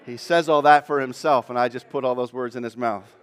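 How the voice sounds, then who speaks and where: A man's voice: mid-range voice, steady tone, brisk, fairly bright tone, clear, resonant tone. A man preaching a sermon, reading scripture and commenting on it, often acting out the voices he quotes and building to rising intensity.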